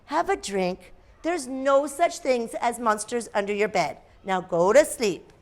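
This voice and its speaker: A woman voicing a patient mother at bedtime, speaking in a soft, soothing way. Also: high voice, sing-song, normal speed, creaky, exaggerated voice.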